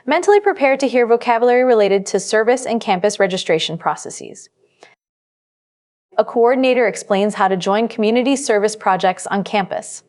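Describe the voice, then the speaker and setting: A woman records a scripted test-prep lesson as a studio voice-over, taking the instructor's role with measured, instructive delivery. Her voice is mid-range with a slightly dark tone.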